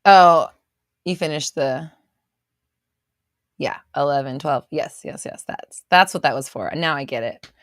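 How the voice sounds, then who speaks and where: A woman's voice: sits low, a little slow, long pauses, a bit bright, no room sound, studio quality. A woman hosting a livestream, chatting casually with viewers, reading out their names and laughing often. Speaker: host of a livestream show. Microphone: visible desk microphone on an arm.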